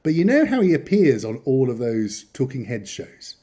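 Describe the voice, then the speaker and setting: A man's voice: medium pitch, big pitch swings, moderate pace, mellow. A man hosting a podcast in casual chat, rambling and chatty, often chuckling as he talks. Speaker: podcast host.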